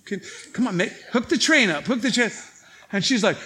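A male pastor preaching a sermon, telling stories in an animated way and acting out other people's lines, laughing at his own stories. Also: sits high, a little fast, breathy edge.

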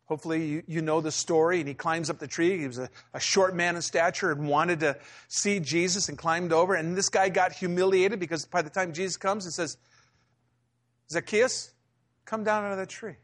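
A middle-aged male pastor with a high voice delivers a sermon in a relaxed, storytelling way. He often breaks into the voices of people from his anecdotes. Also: a little fast. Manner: conversational storytelling preacher, acting out quotes.

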